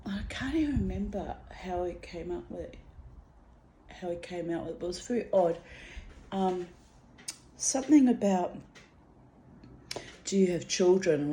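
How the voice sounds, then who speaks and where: A woman's voice: lowish voice, slight background noise. Chatty older woman storyteller. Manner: chatty, rambling, quotes others in lively voices. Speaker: vlogger. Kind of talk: casual storytelling.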